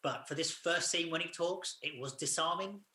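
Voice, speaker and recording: A man's voice: on the high side, moderate pace, bright, forceful tone, echoey room. A man co-hosting a podcast, casually retelling a film's plot in a loose, rambling way, full of "sort of" and "like". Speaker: podcast co-host. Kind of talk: casual film review chat.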